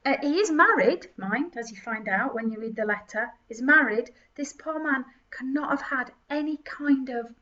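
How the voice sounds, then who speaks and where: A woman's voice: sits high, normal speed, hardly any pauses, bright, forceful tone. A woman giving mocking, giggly comedic commentary with theatrical asides. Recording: distant mic, dull lo-fi sound.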